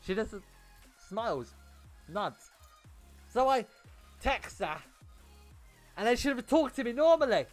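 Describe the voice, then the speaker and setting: A man's voice: very high voice, big pitch swings, slow, pauses often, soft background music. A young man on a gaming livestream, telling a story casually and animatedly, swearing and repeating words as he goes. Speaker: gaming streamer.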